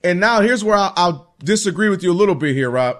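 Animated high-voiced man on sports talk. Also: quick pace. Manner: animated, acts out players' voices in quotes.

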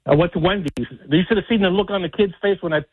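A man on a call-in line tells a story with gusto, voicing each person in it. His voice sits high, and it comes through the thin, tinny sound of a phone. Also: fast, slightly rough. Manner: animated storyteller acting out quotes. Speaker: caller.

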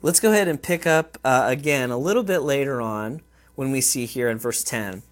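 A man's voice: medium pitch, moderate pace. Male pastor delivering a conversational sermon. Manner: conversational, checks in with "okay?".

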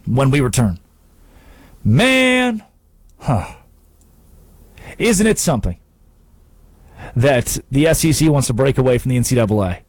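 A man's voice: medium pitch, big pitch swings, unhurried, long pauses, dry recording. A man hosting a sports radio show, delivering an emphatic, sarcastic monologue at a studio microphone.

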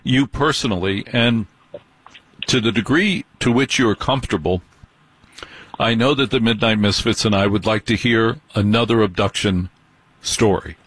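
Low-voiced earnest male interview host. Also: normal speed, fairly bright tone, husky, no room sound, poor audio. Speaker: podcast host. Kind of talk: casual interview chat.

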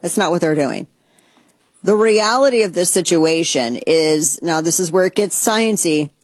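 A vlogger talks in a loose, sarcastic, rambling way, tossing in animated asides. The voice sits at a middle pitch. The recording is dry and close, with no room echo. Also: moderate pace. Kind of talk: casual commentary.

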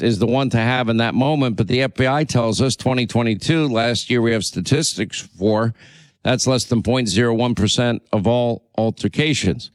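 A man's voice: mid-range voice, clean tone, no echo. A man hosting a talk radio show, indignant and repeating phrases for emphasis.

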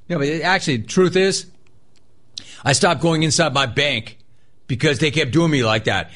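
A man's voice: moderate pace, pauses often. A middle-aged man hosting a call-in radio show, chatting casually and riffing on his pet peeves. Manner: animated, mocks people in a high put-on voice.

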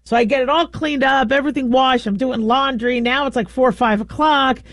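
A middle-aged woman host telling a long, rambling story in a casual, animated way, often stopping to correct herself. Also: sits high, brisk, no room sound. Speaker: show host.

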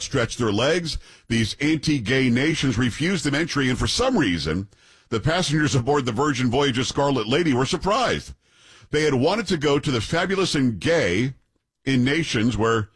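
A man hosts a talk radio show in a husky, breathy voice. He reads the news with heavy sarcasm and cuts in with mock-shocked outbursts. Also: medium pitch, fairly bright tone.

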